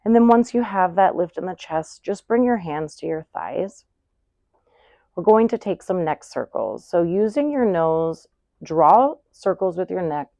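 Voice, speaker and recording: A woman leads a yoga class, talking through each pose and breath at a very slow, calm pace. Her voice sits low and has a gravelly texture. The sound is close and dry. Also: no echo. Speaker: yoga instructor. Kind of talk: guided yoga class instruction.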